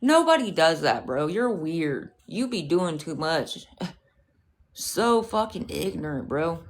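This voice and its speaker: Brief: woman streamer, lowish voice, swears freely, argues with her chat. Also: very animated, slow pace. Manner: profane, confrontational, scolding chat. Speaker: livestreamer. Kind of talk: casual livestream rant.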